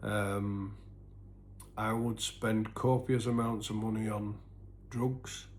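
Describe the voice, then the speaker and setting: A man telling his own story in an earnest, halting way, full of restarts, and sometimes sinking to a near-whisper. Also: fairly low pitch, little pitch movement, slight background noise. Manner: sinks to a soft, breathy near-whisper at painful moments. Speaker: recovery vlogger. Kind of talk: personal confessional storytelling.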